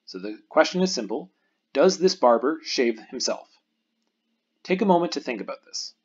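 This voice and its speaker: Husky man giving a recorded math lecture. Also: medium pitch, expressive, lo-fi sound. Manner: patient explanatory lecturing, pauses for the viewer to think.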